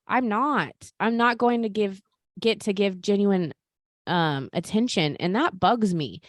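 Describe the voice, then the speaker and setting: A woman hosting a podcast in casual chat, animated and talking straight to her listeners. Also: medium pitch, unhurried, no echo, clean studio sound. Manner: animated, talks to listeners as "you guys". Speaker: podcast host.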